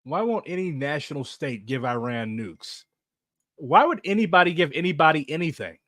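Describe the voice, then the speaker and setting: A man's voice: a little high, expressive, moderate pace, a bit bright, no echo, studio quality. A man answering viewer questions in casual chat, sarcastic and profane, laughing often.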